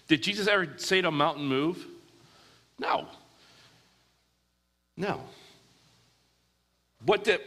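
A man's voice: mid-range voice, sharp tone. A man preaching a sermon, often asking his listeners questions and answering them himself. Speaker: pastor. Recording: hall with long reverb.

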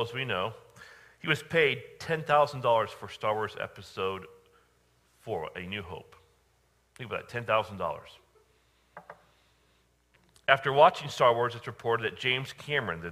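A male pastor preaching a sermon, emphatic, with dramatic pauses and repeated phrases. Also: medium pitch, pushed and bright. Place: church.

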